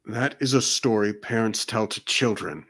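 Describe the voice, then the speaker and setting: A man voicing a terse, solitary male trapper in an amateur fantasy read-aloud, speaking curtly and slowly. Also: fairly low pitch. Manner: curt, flat.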